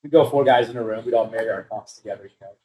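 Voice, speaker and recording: A man's voice: on the low side, rapid-fire, warm tone, muffled recording. A man co-hosting a podcast, telling chatty travel anecdotes in casual conversation. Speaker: podcast co-host. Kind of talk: casual chat. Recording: roomy echo.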